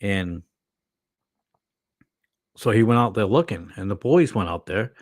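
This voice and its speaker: A tired middle-aged pastor chatting casually on a livestream, rambling with many fillers and restarts. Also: male voice, on the low side, lively intonation, measured pace, a little mellow, no room sound, clean studio sound.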